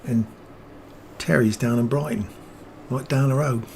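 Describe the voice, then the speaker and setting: A man hosting a live trading stream, explaining chart entries in a relaxed, jokey way. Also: medium pitch, a little slow, vocal fry, slight background noise. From England.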